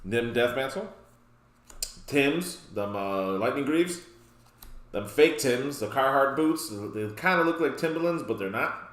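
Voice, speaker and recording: A man's voice: mid-range voice, lively intonation, unhurried, a bit bright. Man, middling voice, jokey rambling card game host in an echoey room. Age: adult, past his youth. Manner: joking, rambling asides. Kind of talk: casual deck walkthrough. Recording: roomy echo.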